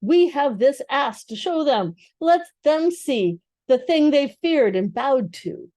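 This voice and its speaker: A woman's voice: medium pitch, animated, takes it slowly, warm tone, dry recording. An older woman voicing a stern young king, speaking in a stately, commanding, raised voice for a storybook reading.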